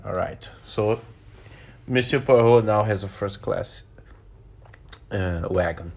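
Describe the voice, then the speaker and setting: A man's voice: fairly low pitch, slow pace, creaky, darkish tone, slight background noise. A man reading a novel aloud, often stopping to comment and restate what he just read. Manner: stops to comment and restates lines.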